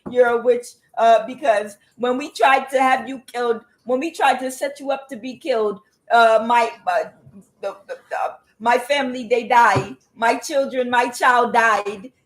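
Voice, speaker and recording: A woman's voice: fairly high pitch, measured pace. Woman ranting angrily in a tarot reading. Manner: angry, profane, mocking, with many fillers. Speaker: tarot reader.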